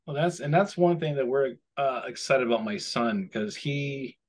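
A man co-hosting a podcast, rambling in casual chat and slipping into animated voices when he quotes people. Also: medium pitch, moderate pace. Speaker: podcast co-host.

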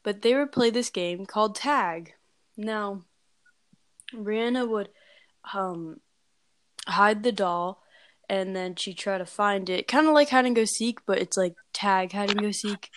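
A woman's voice: medium pitch, measured pace. A woman casually telling a scary story, rambling with lots of fillers and valley-girl phrasing.

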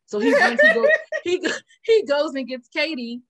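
A very high-pitched woman's voice at a moderate pace belongs to a co-host telling a story in an informal chat. She's animated, laughs frequently, and plays out the quotations.

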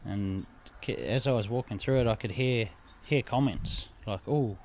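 A man recounts a story in a relaxed conversation. He builds tension by repeating phrases and swears casually. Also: on the low side, normal speed, a little hiss or hum. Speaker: guest telling a story.

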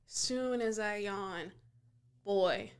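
A woman's voice: medium pitch, very slow, clean tone. Earnest Southern California woman guest. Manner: earnest, pushes back in friendly argument. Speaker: podcast guest. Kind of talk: casual chat.

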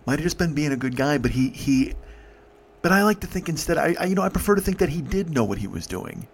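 A man's voice: a little high, animated, slightly rough. Emotional man telling a story. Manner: emotional, profane, halting with restarts. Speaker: podcast host. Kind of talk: personal storytelling.

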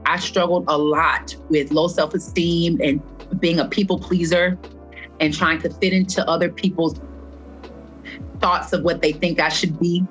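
A woman's voice: on the low side, fairly even intonation, unhurried, soft background music. A woman, a fitness instructor, speaking earnestly as a podcast guest and repeating phrases for stress. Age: adult past her twenties. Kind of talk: heartfelt podcast conversation.

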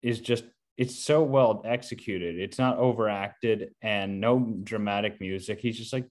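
A man in casual film discussion, animated and acting out quotes from scenes. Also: lowish voice, unhurried, hardly any pauses. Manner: animated, acts out movie quotes. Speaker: co-host discussing films.

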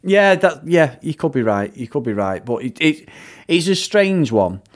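A man's voice: fairly high pitch, sing-song, unhurried. A man co-hosting a film review podcast in casual chat. He retells scenes at length, swears freely and laughs often. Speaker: podcast co-host reviewing films.

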